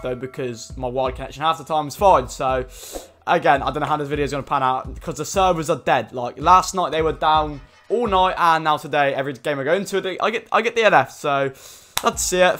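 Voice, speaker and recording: Excitable young man gaming. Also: on the high side. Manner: excitable, swears mildly, groans and shouts at the game. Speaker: gaming YouTuber. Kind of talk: casual gaming commentary.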